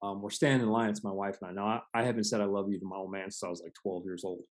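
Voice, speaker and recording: A man's voice: on the low side, little pitch movement, racing. Man in his forties, earnest storyteller. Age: 40s. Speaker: podcast host. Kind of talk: casual conversation.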